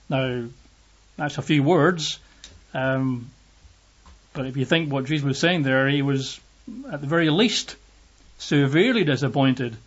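A man's voice: medium pitch, measured pace, pauses often, husky. A man preaching a sermon, reading scripture and commenting on it in a conversational, emphatic way. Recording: dull lo-fi recording.

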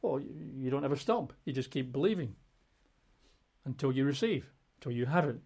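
A man's voice: mid-range voice, expressive, moderate pace, a little mellow, breathy edge. A man preaching a Bible-teaching sermon in a conversational way, leaning hard on key words. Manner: conversational, emphatic on key words, plays out quotes.

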